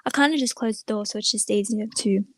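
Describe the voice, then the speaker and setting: A woman hangs out on a casual live stream from a room at home, talking loosely to her viewers. She rambles from thought to thought with plenty of fillers. Her voice sits at an everyday middle pitch and sounds dry, with no room echo. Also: quick pace. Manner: rambling, many filler words, chatting to viewers. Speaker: small channel live streamer. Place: room at home with the door closed.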